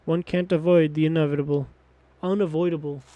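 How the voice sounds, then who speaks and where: A man's voice: on the high side, steady tone, a little fast, no room sound, dull audio, close to an everyday voice. A man voicing a proud, stubborn male merman leader in a game, speaking in a stiff, formal, haughty way. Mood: solemn.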